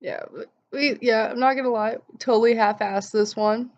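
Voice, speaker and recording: A young woman vlogger telling an animated story and acting out the quotes in voices. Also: on the high side, moderate pace. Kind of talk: casual storytelling vlog. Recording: dull lo-fi sound.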